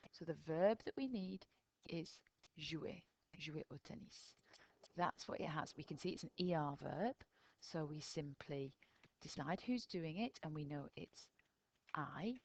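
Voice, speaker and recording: A woman's voice: low-pitched, expressive, measured pace, gravelly, rough recording. An English woman teaching a recorded lesson, explaining step by step to pupils in a patient way. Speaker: French teacher.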